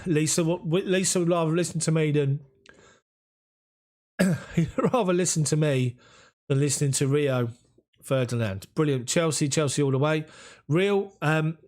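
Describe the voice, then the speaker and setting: Man, London accent, fairly high voice, chatty live-stream host, reading out viewer comments. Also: unhurried, pauses often, a little mellow. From England. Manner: chatty, thanks viewers by name. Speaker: football fan channel host. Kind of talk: live watch-along chat reading comments.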